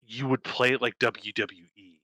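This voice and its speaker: Bright-voiced young man, swearing storyteller. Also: mid-range voice, normal speed, no room sound, rough recording. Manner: profane, animated storytelling with voiced characters. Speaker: podcast co-host. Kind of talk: casual chat.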